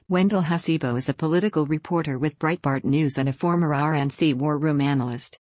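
A woman reading a written news article aloud in an even newsreader delivery, taking the text literally. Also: deep voice, fairly quick, no echo, studio quality. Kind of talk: scripted news read-out.

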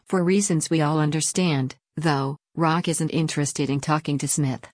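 A woman reading an opinion column aloud in a steady, measured way, leaning on rhetorical questions. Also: sits low, dry recording, clean studio sound. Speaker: article reader.

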